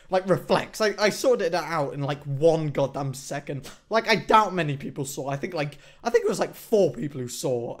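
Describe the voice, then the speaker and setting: A teenage man telling a rambling, jokey story to camera in a casual vlog, often mocking himself. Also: on the high side. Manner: rambling, joking, self-mocking, excitable. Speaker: vlogger.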